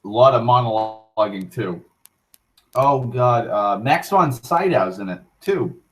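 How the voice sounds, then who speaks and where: A young man hosting an online talk show, rambling casually with frequent profanity, restarts and excited tangents. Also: mid-range voice, slow, low-quality recording. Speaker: internet talk show host.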